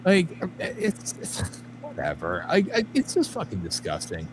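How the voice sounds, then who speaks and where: A man's voice: lowish voice, huge pitch swings, measured pace, noisy background. A man co-hosting a podcast, ranting in crude, profane, mocking banter. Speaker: podcast co-host.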